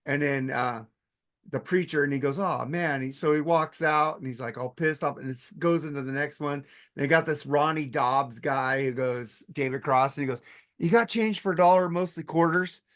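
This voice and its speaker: A man's voice: mid-range voice, normal speed. A man on a podcast, casually retelling comedy sketches with lots of swearing and acted-out voices. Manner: animated storyteller, acts out sketch voices, swears freely. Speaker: podcast co-host. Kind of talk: casual chat.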